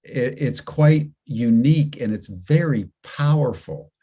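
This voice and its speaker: A man's voice: medium pitch, expressive, slow, warm tone, breathy edge. A man hosting an interview who asks questions hesitantly, repeating words as he works them out. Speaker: host. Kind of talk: interviewing a guest.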